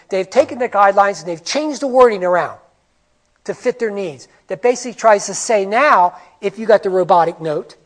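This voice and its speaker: Man presenting at a conference, high voice, emphatic, animated, rhetorical questions. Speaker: medical coding presenter. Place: conference room.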